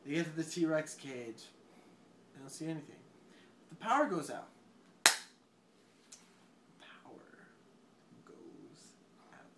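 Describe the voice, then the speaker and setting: A drunk man rambling through a movie plot, swearing often, laughing and breaking into sudden loud outbursts. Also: a little high, very animated, normal speed, long pauses, a little hiss or hum. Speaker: storyteller.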